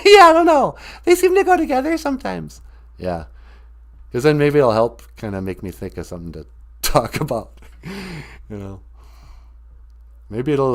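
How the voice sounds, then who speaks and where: Slow, low-voiced man rambling on a live stream. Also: darkish tone. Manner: joking and rambling, breaks into laughter and prayer. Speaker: host teaching Ojibwe words. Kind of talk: casual live-stream talk.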